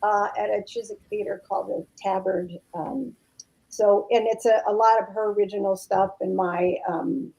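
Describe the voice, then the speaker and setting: A middle-aged actress chatting as a podcast guest, rambling with many fillers. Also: female voice, mid-range voice, steady tone, normal speed, creaky, dark tone, muffled recording. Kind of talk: casual podcast chat.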